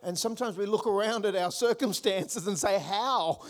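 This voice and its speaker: High-voiced earnest pastor preaching. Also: male voice, normal speed. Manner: earnest preaching with repeated words and rising emphasis. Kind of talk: sermon.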